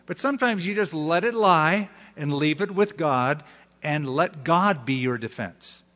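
A male pastor delivers a sermon in a voice pitched somewhat high, keeping it animated and joking as he acts out the people he quotes. His words ring out with the long reverb of a large hall. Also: a little slow.

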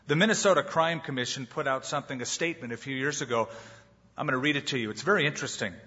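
A man's voice: fairly high pitch, pushed and bright, slightly rough. Man preaching a dramatic sermon. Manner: dramatic, acts out quoted voices. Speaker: pastor. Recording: muffled hall recording with long reverb.

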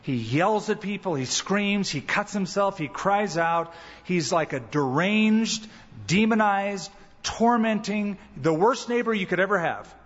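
A man preaching a sermon as pastor, animated, acting out quoted voices. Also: measured pace. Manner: animated, acts out quoted voices with rising pitch. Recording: dull church recording with long reverb.

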